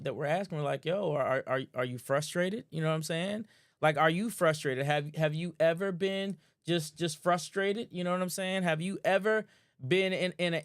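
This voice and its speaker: Energetic hype-man host with a smooth voice. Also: fairly high pitch, no room sound, studio quality. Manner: energetic, repeats phrases, ends lines with "man"; stumbles and restarts often. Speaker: host of a live online show. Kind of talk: casual hyped-up livestream talk.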